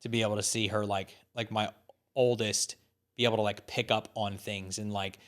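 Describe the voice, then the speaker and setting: A man's voice: fairly low pitch, little pitch movement, moderate pace, fairly bright tone. Casual, rambling man chatting on a podcast. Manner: rambling, filler-heavy, casual swearing. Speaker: podcast guest.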